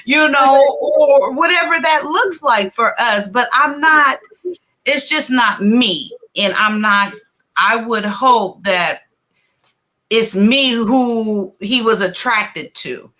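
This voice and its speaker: A woman hosts a casual chat in a naturally loud, expressive way, laughing often. Her voice sits a bit high and rings bright and forceful. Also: takes it slowly. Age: adult. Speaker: podcast host.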